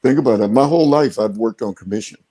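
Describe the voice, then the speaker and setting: A man's voice: medium pitch, fast talker, warm tone, breathy edge. A man in his seventies, a veteran car dealer, telling stories and giving advice in folksy, colloquial casual talk. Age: 70s.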